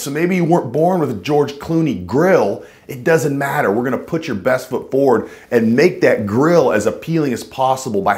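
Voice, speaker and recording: An animated, lively-pitched man talks straight to camera as a coach. He is emphatic and now and then sinks into a deep chest voice to show the difference. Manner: emphatic, drops into a low chest voice to demonstrate. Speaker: dating and voice coach. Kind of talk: instructional talk to camera.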